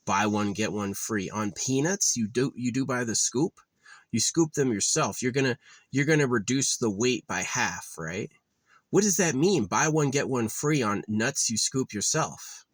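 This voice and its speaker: A man's voice: medium pitch, lively intonation, normal speed, dry recording. A man vlogging in a casual, rambling rant, swearing often and sounding exasperated. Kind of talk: casual ranting monologue.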